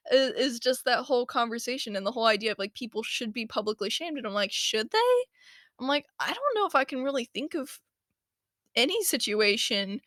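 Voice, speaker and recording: A woman hosts a solo podcast, casually retelling a story in a chatty, animated way, full of fillers and little laughs. Her voice sits on the high side, captured in a dry, clean studio recording.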